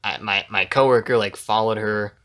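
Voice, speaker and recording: A man's voice: fairly low pitch, moderate pace, background noise. A young man co-hosting a casual podcast, telling a rambling story full of fillers and swearing. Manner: rambling storyteller with many fillers, loud laughing shouts when mimicking. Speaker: podcast co-host. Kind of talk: casual chat.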